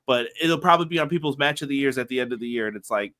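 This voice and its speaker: Young male podcast co-host, bright and lively, chatty, acts out what people said. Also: mid-range voice, rapid-fire. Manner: animated storyteller, acts out quoted dialogue. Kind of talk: casual chat.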